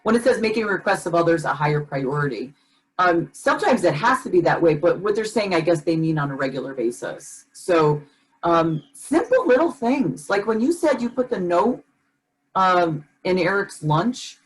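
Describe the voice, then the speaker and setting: A woman with a fairly low voice co-hosts a relaxed podcast chat. She thinks aloud, circling back with fillers and restarts. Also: moderate pace, low-quality recording. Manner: rambling, many fillers and restarts, reflective. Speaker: podcast co-host. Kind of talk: casual chat.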